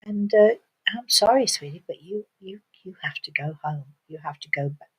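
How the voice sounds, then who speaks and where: A woman voicing a gentle, motherly woman spirit who softly and haltingly tells a child she must go back. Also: mid-range voice, lively intonation, breathy edge, low-quality recording. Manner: soft, hushed, halting, kind.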